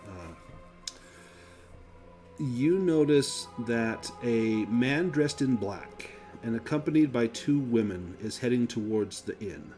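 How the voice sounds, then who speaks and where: A man narrating a tabletop role-playing game as game master, descriptive and unhurried, pausing with fillers. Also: mid-range voice, animated, dark tone, soft background music.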